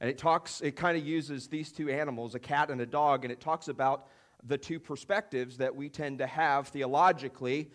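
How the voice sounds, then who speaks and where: A man's voice: medium pitch, steady tone, moderate pace. A man preaching a sermon in a conversational way, often saying "you know" and leaning hard on key phrases. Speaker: pastor.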